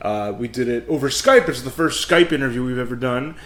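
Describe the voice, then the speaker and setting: A man in his twenties hosting a podcast, upbeat and quick to laugh, introducing the episode in casual chat. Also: medium pitch, lively intonation, a bit bright. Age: 20s. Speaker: podcast host. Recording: echoey room.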